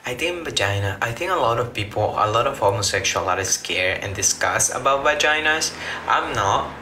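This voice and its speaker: A man's voice: mid-range voice, animated, normal speed, echoey room, noisy background. A man chatting casually with viewers on a livestream, rambling and restarting his phrases as he reacts to comments. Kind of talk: casual live chat with viewers.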